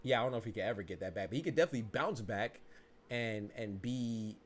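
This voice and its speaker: A man hosting a podcast, giving casual, animated, rambling commentary that keeps circling back to "you know what I'm saying.". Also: fairly low pitch, fast. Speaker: podcast host.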